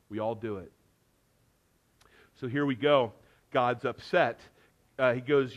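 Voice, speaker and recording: A middle-aged man preaching a sermon in a church, earnest and conversational, his loudness swinging from near-hushed asides to emphatic bursts. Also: medium pitch, animated, unhurried, lo-fi sound. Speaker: pastor. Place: church sanctuary.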